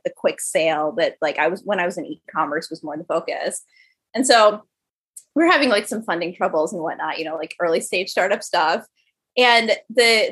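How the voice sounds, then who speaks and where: A young woman's mid-range voice, a bit bright with a breathy edge, comes through as she guests on a podcast. She's a startup founder telling stories quickly in a casual interview, loaded with fillers and many uses of "like."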